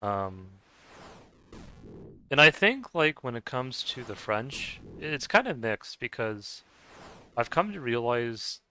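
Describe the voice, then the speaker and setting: A man's voice: mid-range voice, bright, forceful tone, a little hiss or hum. A man chatting casually while he plays a game, rambling and meandering with lots of fillers and restarts. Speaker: gamer chatting while playing.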